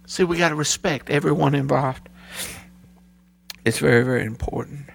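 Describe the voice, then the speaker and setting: Middle-aged man, pastor, gravelly and fairly high-pitched, emotional storytelling sermon. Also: moderate pace. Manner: emotional storytelling preacher, voice rising high when stirred.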